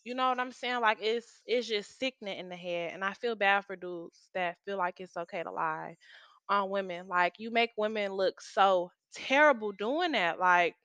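A woman's voice: mid-range voice, normal speed, a bit bright, clean tone, dry recording. Heated, profane young woman host. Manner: blunt, heated and profane, talking straight to listeners. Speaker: podcast host. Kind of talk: casual story time.

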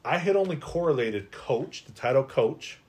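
A middle-aged man, a guest on a podcast, telling a personal story in a lively, conversational way with lots of "like.". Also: medium pitch, moderate pace. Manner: animated, conversational, heavy use of "like". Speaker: podcast guest, life coach.

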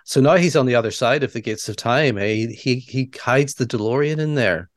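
A man's voice: mid-range voice, fairly quick, no echo, clean studio sound. A man co-hosting a podcast, casually retelling movie scenes step by step and laughing often. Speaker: podcast co-host. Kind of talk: casual movie recap chat.

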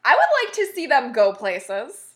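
A woman's voice: sits high, wildly swooping pitch, a little slow, a bit bright. A young woman co-hosting a podcast in casual chat, chatty with lots of fillers and frequent laughs. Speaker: podcast co-host.

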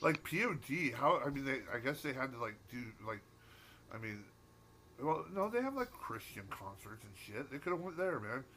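A man's voice: medium pitch, big pitch swings, moderate pace, pushed and bright. A man co-hosting a podcast in casual chat, rambling through stories with restarts and swearing. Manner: rambling, hesitant, profane. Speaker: podcast co-host.

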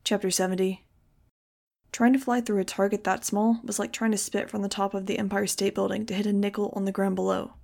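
A woman reading a novel aloud in the first person, with steady, expressive storytelling. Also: mid-range voice, fairly quick, gravelly. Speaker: audiobook reader.

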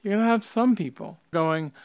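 Gravelly, measured interviewer. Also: mid-range voice, very animated, darkish tone. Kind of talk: documentary interview questions.

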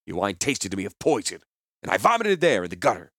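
A man voicing a bold, cunning young hero in chains who calls out loudly and urgently, in a storybook reading. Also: lowish voice, big pitch swings, dry recording, studio quality, full character voice. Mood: scheming. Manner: loud, urgent, quick-witted calling out.

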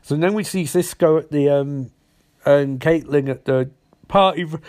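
A man's voice: on the high side, a little mellow. Rambling podcast man recapping episodes. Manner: rambling, acts out characters' lines in quick voices. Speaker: podcast host.

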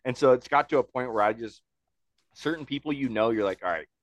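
A man hosts a loose podcast chat, swearing freely and getting worked up as he tells stories. His voice sits in a middling pitch and sounds dry and close to the mic. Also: brisk, no echo, muffled recording. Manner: animated, swears constantly, excitable storytelling. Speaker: podcast host. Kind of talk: casual profane podcast chat.

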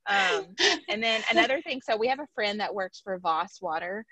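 A woman's voice: mid-range voice, lively intonation, moderate pace, fairly bright tone, no echo. A woman hosting a podcast, chatting in a rambling, easygoing way and laughing easily. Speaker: podcast host. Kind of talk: casual chat.

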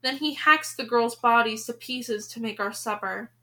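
A woman reading a storybook aloud, voicing a fearful old woman held captive, who speaks slowly and with pity. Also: on the high side, sharp tone. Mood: grave. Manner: hissing, then slow and pitying.

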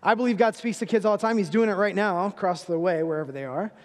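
A man's voice: high-pitched, quick pace, long reverb tail. A man in his thirties, a guest preacher giving a sermon in a church, telling funny family stories in a conversational way. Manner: humorous storytelling, conversational. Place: church sanctuary.

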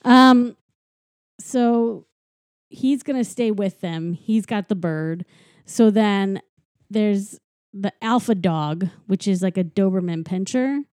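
A woman chatting casually and giggling as she retells a film plot, slipping into quick impressions of its characters. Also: medium pitch, no room sound, studio quality. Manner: giggly, animated retelling with acted quotes. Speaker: podcast co-host recapping a film. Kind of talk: casual chat.

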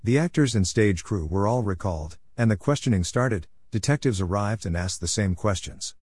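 A man reads a story aloud in a steady, plain way. His voice sits low, and the recording is close and very dry, with no room sound. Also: normal speed, husky, no room sound. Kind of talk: storytelling narration.

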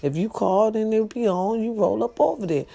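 Gravelly-voiced woman giving blunt advice. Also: mid-range voice, a little fast. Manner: profane, blunt, animated preaching. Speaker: vlogger. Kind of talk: casual advice rant to viewers.

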